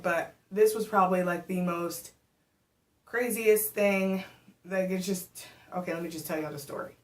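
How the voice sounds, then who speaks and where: A young adult woman vlogging casually, telling a story to the camera in a chatty, animated way with lots of fillers. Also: on the low side. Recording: echoey room.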